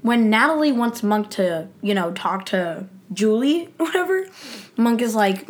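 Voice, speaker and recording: A woman co-hosting a casual podcast, recapping a TV episode in a relaxed way and laughing along. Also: a little high, unhurried. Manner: relaxed, laughs along and gives short agreeing replies. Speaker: podcast co-host.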